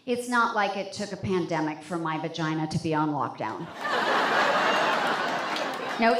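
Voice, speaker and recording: A woman's voice: medium pitch, a little hiss or hum. Wry woman comic in an echoey room. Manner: wry, self-deprecating. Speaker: stand-up comedian. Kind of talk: live stand-up set. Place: comedy club stage.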